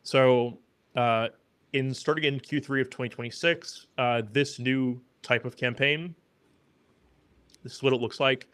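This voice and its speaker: Relaxed male podcast host, dry sound. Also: mid-range voice, unhurried, clean tone, no room sound. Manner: relaxed, matter-of-fact explaining. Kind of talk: casual explaining.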